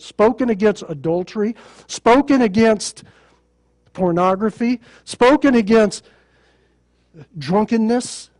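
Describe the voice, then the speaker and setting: A man's voice: high-pitched, a little mellow. A male pastor preaching a sermon in a plain conversational way, with sarcasm and rhetorical questions.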